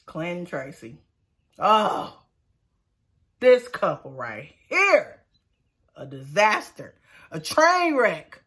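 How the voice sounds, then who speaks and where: A woman giving a casual, animated review of a reality TV episode, talking in a colloquial, exclaiming way. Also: on the low side, drawn-out words, long pauses. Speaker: reality TV recap vlogger.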